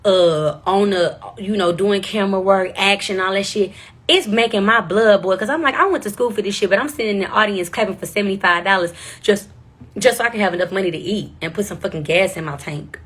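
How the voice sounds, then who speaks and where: A woman's voice: medium pitch, fairly quick, a bit bright, slightly rough. A young woman in her twenties telling a personal story straight to camera, casual, candid and profane. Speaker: vlogger.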